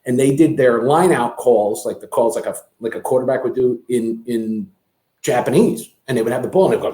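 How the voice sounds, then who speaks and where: A man chatting casually as a guest, halting, with restarts and laughs at his own stories. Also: mid-range voice, expressive, warm tone, reverberant. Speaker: guest, brother of the host. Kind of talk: casual chat.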